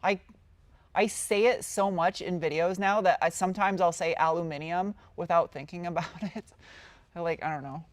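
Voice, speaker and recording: A woman's voice: lowish voice, fairly even intonation, moderate pace, dry recording. A woman casually answering viewer questions on a live stream, rambling and chatty as she reads out each question. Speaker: car-build YouTuber answering live chat.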